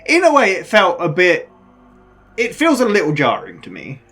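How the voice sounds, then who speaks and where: A man's voice: high-pitched, normal speed, faint music behind. A man co-hosting a TV reaction video, chatting casually, laughing often and acting out lines from the show. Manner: animated, laughs often, acts out quotes. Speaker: co-host of a TV reaction channel.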